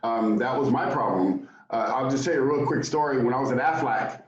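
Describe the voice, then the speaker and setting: A man hosting an interview, telling stories in an animated, casual way and acting out the quotes. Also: mid-range voice, fairly quick. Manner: animated storyteller, acts out quotes. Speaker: host. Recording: echoey room, distant muffled mic.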